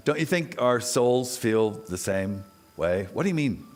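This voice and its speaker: A man from Texas giving a conversational sermon at a spiritual center, chatty and animated, often asking the audience questions. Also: medium pitch, unhurried. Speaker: guest speaker at a spiritual center.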